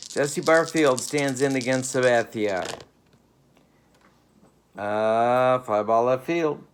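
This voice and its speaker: Sitting in his living room, a man narrates a tabletop baseball game as mock radio play-by-play, keeping up dry, playful patter. His medium-pitched voice is slow, clear and resonant.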